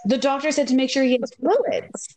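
A young woman co-hosting a casual chat, telling animated stories and acting out quoted lines. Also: high voice, normal speed, slight background noise. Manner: animated, says "like" often, acts out quotes.

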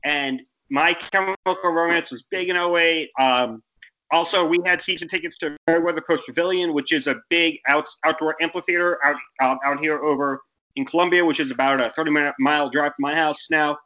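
A man's voice: fairly high pitch, fairly even intonation, fairly quick, bright, forceful tone. A young American man co-hosting a casual sports podcast, rambling and correcting himself, with exasperated rants. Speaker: podcast co-host.

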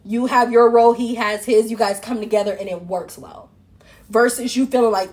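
A woman's voice: fairly high pitch, fairly even intonation, normal speed, darkish tone. A woman delivering a casual opinion monologue to her followers, talking straight to the listener with lots of rhetorical questions and firm, blunt asides. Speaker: relationship commentator.

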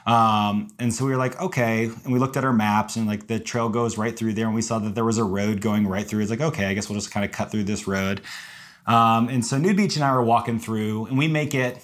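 A young man casually telling a hiking story to friends, lively and animated, jumping into high voices when he quotes himself. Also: fairly quick. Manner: animated, acts out quotes with high-pitched apologies. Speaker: podcast co-host recounting a hike.

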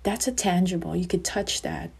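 A woman's voice: lowish voice, moderate pace, gravelly, darkish tone, breathy edge. A woman from the Philippines, hosting a podcast as a psychotherapist in a conversational, therapist-like manner. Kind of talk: podcast monologue.

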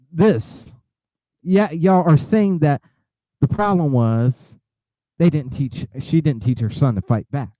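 A man's voice: a little high, slow, long pauses, dark tone, no room sound, highs cut off. A male host giving impassioned, angry commentary, preaching at his listeners with many filler uhs and restarts. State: outraged.

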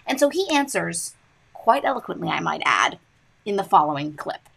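Expressive teen girl hosting a podcast. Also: fairly high pitch, normal speed, vocal fry. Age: teens. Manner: emphatic, earnest and expressive. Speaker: student podcast host. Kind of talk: scripted podcast narration.

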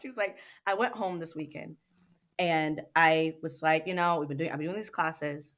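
Young woman telling a story on a podcast, lots of quoting and laughing, lowish pitch. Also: moderate pace. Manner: animated storytelling, acts out quotes, laughs often. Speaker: dance company owner, guest. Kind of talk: casual interview chat.

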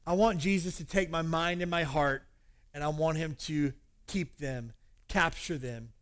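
A man's voice: on the high side, a little slow. A man preaching a sermon to his congregation, candid and conversational, weaving in personal stories. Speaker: pastor. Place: church service.

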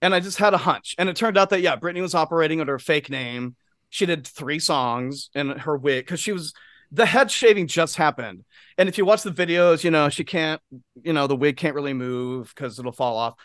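A male podcast co-host telling a rambling, lively anecdote in casual chat, full of asides and swearing, on a studio mic. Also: fairly high pitch, a little fast, no echo.

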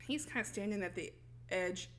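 A woman recaps a film in loose, conversational chat and slips into the characters' voices as she goes. Her pitch sits in the middle of the range. A faint hiss runs under the recording. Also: moderate pace. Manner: animated storytelling, acts out characters' lines. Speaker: podcast co-host recapping a film. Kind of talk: casual chat.

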